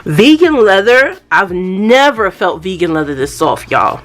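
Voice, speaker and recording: A woman's voice: medium pitch, sing-song, measured pace. A woman chatting casually through a planner unboxing, often calling viewers y'all.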